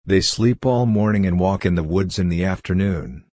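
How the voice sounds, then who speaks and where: A man narrating a simple audiobook story for learners in a clear, even, careful way. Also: deep voice, normal speed, no echo.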